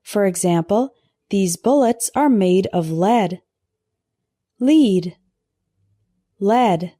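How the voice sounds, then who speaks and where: A woman teaching English vocabulary in a scripted lesson, pronouncing word pairs slowly and carefully for learners to repeat. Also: medium pitch, animated, warm tone, no room sound, clean studio sound. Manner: slow, careful pronunciation drills.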